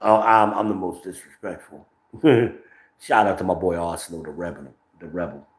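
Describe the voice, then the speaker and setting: Low-pitched and steady, this New Jersey-accented podcast host talks at a normal pace, his voice reverberating around him. He's recording on a phone without a microphone, delivering brash, rambling, profane livestream commentary.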